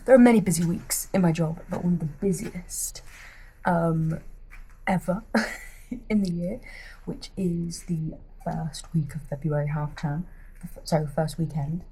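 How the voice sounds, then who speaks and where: A young British woman talks casually to her vlog camera in a low, mellow voice. She rambles in a friendly way and often drops to a hushed half-whisper, with faint noise in the background. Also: steady tone, a little slow, poor audio. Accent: British English. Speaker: book vlogger.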